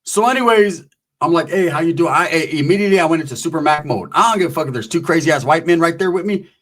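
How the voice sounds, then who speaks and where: A man's voice: fairly high pitch, animated, quick pace, fairly bright tone. A man casually telling a long, profane story, acting out the voices of the people in it. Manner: profane, rambling, acts out voices.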